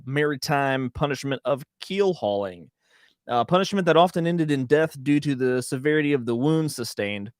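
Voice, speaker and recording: Brief: male podcast co-host, mid pitch, joking, reads facts steadily, dry close mic. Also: dry recording. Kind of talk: casual chat and reading facts aloud.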